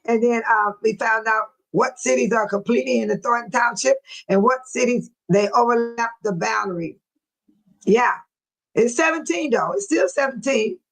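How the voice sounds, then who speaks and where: Older Chicago-area woman, livestream host, casual and chatty, quick to laugh, fairly high pitch. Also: rough recording. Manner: laughs often, animated and chatty. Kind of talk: casual livestream chat reading viewer comments.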